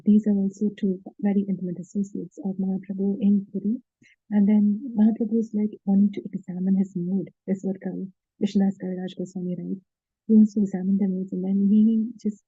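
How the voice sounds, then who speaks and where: A woman's voice: medium pitch, warm tone, breathy edge, no echo, highs cut off. A woman giving an earnest devotional talk, retelling scripture stories with many fillers and restarts. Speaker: devotional speaker.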